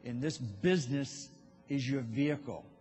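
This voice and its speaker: A man's voice: mid-range voice, normal speed, darkish tone, breathy edge. A man with a Boston accent giving a motivational business seminar talk, telling stories and addressing the audience directly. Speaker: business speaker. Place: event hall. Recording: long hall reverb.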